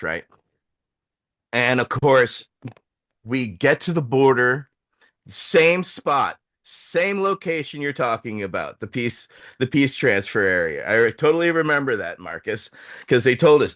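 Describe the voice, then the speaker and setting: A man spins a long anecdote in loose podcast chat, cursing freely and slipping into the voices of the people in his story. His pitch leaps high and drops low as he acts things out. The sound is dry and close, with no room around him. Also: a little slow, dry recording. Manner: animated, profane, acts out quoted voices.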